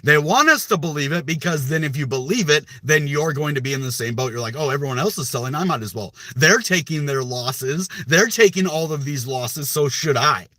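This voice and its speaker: A man's voice: fairly high pitch, lively intonation, moderate pace, hardly any pauses, pushed and bright, dry recording. A young man hosting a crypto video channel, ranting passionately with rhetorical questions and repeated words. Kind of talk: emphatic crypto commentary to camera.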